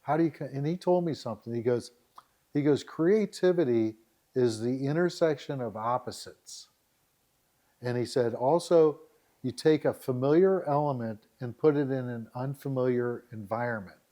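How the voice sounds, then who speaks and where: A middle-aged man, a guest on a podcast, telling stories in a lively, animated way and acting out scenes as he goes. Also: medium pitch, normal speed. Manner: animated storyteller, acts out scenes. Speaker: dating site founder, guest. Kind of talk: storytelling in a podcast interview.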